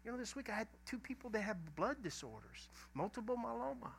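A middle-aged pastor, preaching a sermon in a folksy storytelling way that swings from loud emphasis to a hushed near-whisper. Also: male voice, extremely high pitch, big pitch swings, fast, gravelly, a little hiss or hum.

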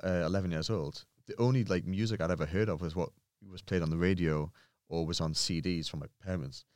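A young man, a podcast guest, telling animated stories in casual chat, full of fillers and swearing. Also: sits low, fairly quick, dry recording, studio quality. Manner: animated storyteller, swears freely, many fillers. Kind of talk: casual storytelling.

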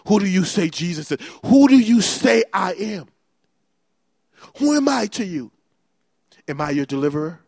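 A male pastor preaching a fervent, repetitive sermon that builds to shouting. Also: high voice, vocal fry, husky, dry recording, clean studio sound.

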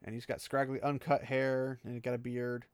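A man's voice: mid-range voice, flat delivery, normal speed, clean tone, dry recording, clean studio sound. A man casually retelling a fantasy novel chapter for a podcast, chatty with lots of asides. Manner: chatty, lots of 'he's like' asides, laughs at the text. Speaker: book recap podcaster.

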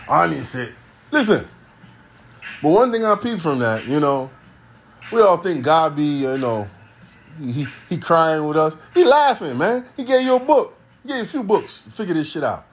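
Animated, profane man in his forties. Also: on the high side, a little hiss or hum. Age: 40s. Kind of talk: casual comedic monologue.

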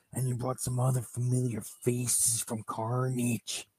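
A man doing a raspy, yelling showman wrestler. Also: medium pitch, no echo, heavily acted. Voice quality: strained gravelly rasp. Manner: drawn-out growls with sudden loud yells. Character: wild-voiced flamboyant male wrestler, boastful, intense.

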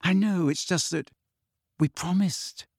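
A man voicing a brisk, clever teenage girl. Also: on the high side, big pitch swings, husky, dry recording, studio quality, voice pushed up. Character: clever, earnest teenage schoolgirl. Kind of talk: audiobook reading.

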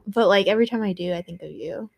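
A woman's voice: mid-range voice, fast talker, vocal fry, no echo. A young adult woman chatting with a close friend, mostly listening and teasing her now and then. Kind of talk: casual chat between friends.

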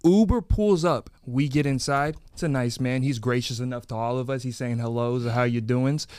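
A young man hosting a casual podcast in a studio, telling stories with lively energy. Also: medium pitch, moderate pace, clear, resonant tone, no room sound. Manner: energetic, storytelling. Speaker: podcast host.

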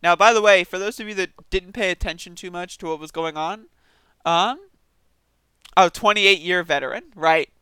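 A man's voice: high voice, moderate pace, sharp tone, smooth, no room sound. A man giving casual, sarcastic news commentary, reading articles aloud and reacting with disbelief. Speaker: political commentary streamer.

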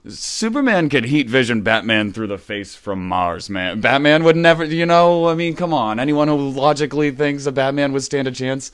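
A man co-hosting a casual podcast, arguing and teasing in animated banter. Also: medium pitch, moderate pace, few pauses, smooth. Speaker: podcast co-host.

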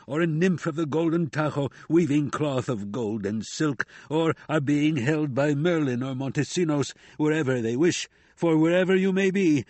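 A man's voice: mid-range voice, darkish tone, dry recording, lightly acted. A man voicing an aging, deluded male knight who speaks in archaic, ceremonious phrases. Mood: ardent.

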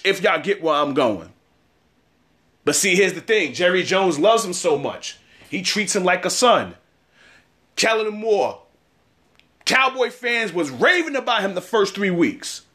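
A man's voice: high-pitched, bright, forceful tone. A man in his thirties giving a casual sports opinion segment, trash-talking rival fans with lots of repetition. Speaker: sports commentator.

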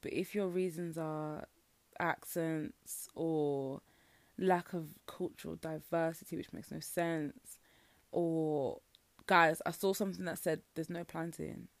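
Young Birmingham woman, podcast host, straight-talking rant; lowish gravelly voice, dry close sound. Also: no echo. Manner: frank, opinionated, filler-heavy with lots of "like". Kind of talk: casual solo podcast rant.

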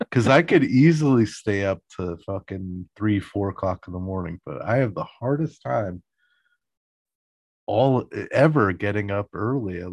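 A man co-hosting a podcast, casually recapping a sitcom episode with animated, profane retellings. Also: deep voice, vocal fry, slightly rough, no room sound, low-quality recording. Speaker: podcast co-host.

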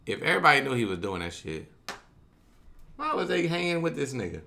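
A man's voice: mid-range voice, sing-song, a little fast, creaky, pushed and bright, a little hiss or hum. A man co-hosting a casual chat, profane, rambling and argumentative. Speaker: podcast co-host.

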